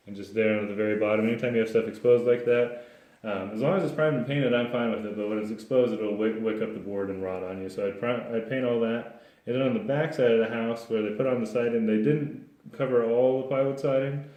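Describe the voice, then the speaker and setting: A man's voice: on the low side, a little mellow. A man working as a home inspector, explaining his findings to a client in a plain, practical way with frequent restarts. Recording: echoey room.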